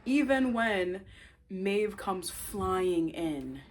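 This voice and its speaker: Speaking very slowly in a medium-pitched voice over a little hiss or hum, a woman rambles through the plot of her novel. She's animated and chatty, cutting herself off and teasing viewers with asides.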